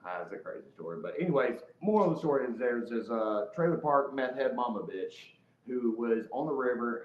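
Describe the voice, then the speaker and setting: A man's voice: medium pitch, a little hiss or hum. A man telling a heated, profane story as a guest in casual podcast chat. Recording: roomy, slightly dull podcast audio.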